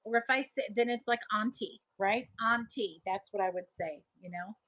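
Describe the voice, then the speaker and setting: A woman's voice: medium pitch, brisk, no echo, low-quality recording. A middle-aged woman with a Buffalo, New York accent, hosting a casual live stream and chatting through viewer comments. She rambles, trails off and restarts her sentences. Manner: chatty, reads viewer comments aloud and answers them. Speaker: livestream seller host.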